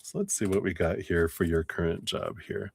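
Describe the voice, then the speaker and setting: A man's voice: low-pitched, steady tone, normal speed, vocal fry, husky. A man giving a live-stream tarot reading in a chatty, laughing, rambling way. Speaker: tarot reader. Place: home room with air conditioner.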